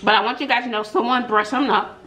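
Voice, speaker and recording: A middle-aged woman hosting an eating show, chatting and telling stories between bites, with drawn-out "mm-mm" asides. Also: a little high, fairly even intonation, sharp tone, slight background noise. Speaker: mukbang host. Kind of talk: chatty storytelling while eating.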